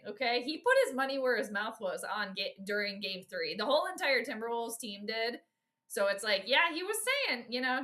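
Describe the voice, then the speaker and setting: A woman's voice: fairly high pitch, bright, forceful tone. A woman from Minnesota hosting casual live sports commentary, reacting bluntly and with exasperation to each play and talking directly to her viewers. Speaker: host giving live game commentary.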